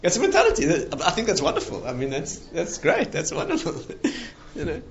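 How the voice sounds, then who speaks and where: A man's voice: a little high, a little fast, gravelly, dull audio. A rabbi telling stories in a conversational lecture, laughing at his own punchlines. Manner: animated anecdotes, laughing at punchlines. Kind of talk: conversational storytelling talk.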